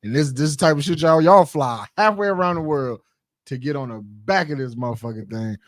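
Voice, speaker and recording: A man's voice: a little high, a little fast, dry recording, studio quality. A man co-hosting a casual podcast chat, telling joking stories with acted-out asides. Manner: joking, animated storytelling with quoted asides. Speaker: podcast co-host.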